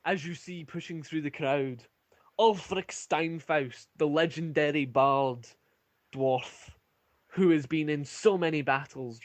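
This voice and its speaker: A male game master narrates a fantasy battle at an unhurried pace. He hesitates often and fills the gaps with ums. The recording is dry and close, with no room sound. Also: fairly high pitch, no echo.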